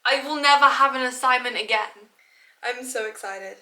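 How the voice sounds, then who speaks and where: A woman's voice: on the high side, normal speed. Chatty young woman, echoey room. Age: young adult. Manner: chatty and excitable, jokey and self-mocking. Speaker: student vlogger. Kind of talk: casual vlog talk to camera.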